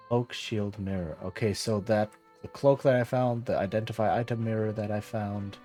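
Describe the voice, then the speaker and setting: A sleepy male streamer chatting through a game, thinking aloud and cracking jokes. His voice is on the low side, and soft music plays faintly underneath. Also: fairly even intonation, normal speed, few pauses. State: tired, yawning. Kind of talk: casual gameplay commentary.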